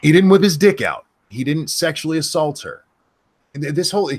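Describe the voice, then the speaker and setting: A man hosting a casual podcast, his voice swinging up and down in pitch as he rambles through the news. He swears freely and talks in loose, rambling runs. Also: sing-song, moderate pace, breathy edge. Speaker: podcast host. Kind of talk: casual chat, news commentary.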